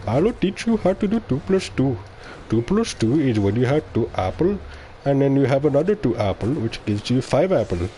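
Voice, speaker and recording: A man voicing an overbearing male online math tutor with an exaggerated Indian accent, lecturing slowly. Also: medium pitch, sing-song, dark tone, a little hiss or hum, pitched above the performer's own voice, lightly acted. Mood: mock lecturing.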